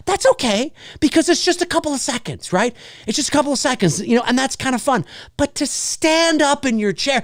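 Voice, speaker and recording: A man in his forties hosting a live show, ranting casually and with exasperation, mimicking the shouts of others. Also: very high voice, lively intonation, moderate pace, hardly any pauses, dry recording, studio quality. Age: 40s. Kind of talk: casual live-stream rant.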